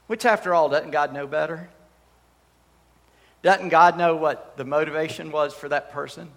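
A male preacher delivers a sermon with animated, emphatic storytelling and humorous asides. His voice sits a little higher than most men's. The church hall adds a long reverb tail behind every phrase.

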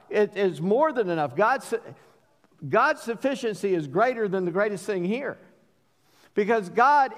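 A man preaching a sermon as pastor, earnest, dropping to a hush on key lines and rising when he pleads. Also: sits high. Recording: long hall reverb.

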